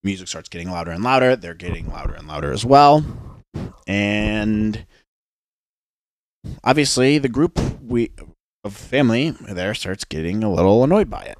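A man's voice: fairly low pitch, expressive, moderate pace, pauses often, no echo. A young man, a podcast host, telling a story in a rambling, sarcastic casual chat. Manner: rambling, sarcastic, mocks others in put-on voices.

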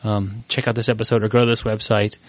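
A man co-hosting a podcast in a relaxed, chatty way, teasing his partner. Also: fairly low pitch, quick pace, no echo. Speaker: podcast co-host. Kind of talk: casual podcast chat.

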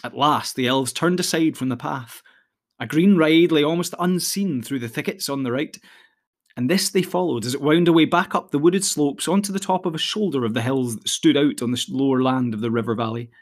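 A man narrating a fantasy novel in a measured, steady storytelling voice. His pitch sits in an ordinary middle range, and he keeps a calm, even pace through long descriptive passages. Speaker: audiobook narrator. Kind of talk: scripted narration.

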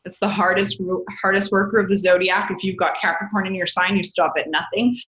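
A woman's voice: mid-range voice, fairly even intonation, a little fast, fairly bright tone, roomy sound, low-quality recording. A woman explaining astrology in a casual, rambling way, often correcting herself as a podcast guest. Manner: rambling, self-correcting, chatty, calls listener babes.

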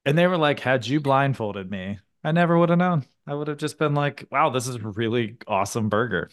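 A man's voice: mid-range voice, fairly quick, a bit bright. A man hosting a podcast in casual chat, telling stories with acted-out quotes and casual swearing. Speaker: podcast host.

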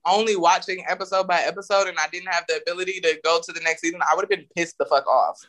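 A woman co-hosting a casual chat, telling animated, profane stories. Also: on the low side, fast talker. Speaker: podcast co-host.

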